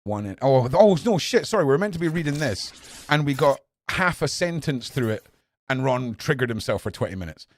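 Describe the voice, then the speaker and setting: A man hosting a podcast, reading headlines aloud and ranting at them, swearing often and swinging from low mutters to shouts. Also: sing-song, a little fast. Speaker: podcast host reading news. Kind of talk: ranting news commentary.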